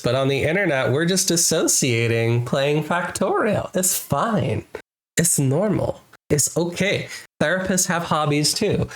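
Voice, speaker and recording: An adult game streamer chatting casually with viewers during a live stream, playful and excitable, laughing often. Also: mid-range voice. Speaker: wholesome RPG game streamer.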